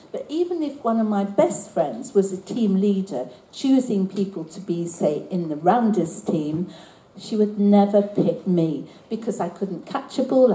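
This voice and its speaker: A woman's voice: mid-range voice, mellow, slight background noise. Wry older woman telling a story. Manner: wry, self-deprecating storyteller. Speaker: author speaking at a book event. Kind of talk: storytelling talk to an audience. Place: hall at a book event. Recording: roomy hall with faint ambience.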